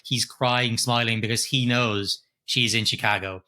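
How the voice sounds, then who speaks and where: A man's voice: mid-range voice, fairly even intonation, unhurried, sharp tone. A middle-aged man co-hosting a podcast, chatting casually about a film and rambling with lots of restarts and casual swearing. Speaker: podcast co-host. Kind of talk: casual film review chat.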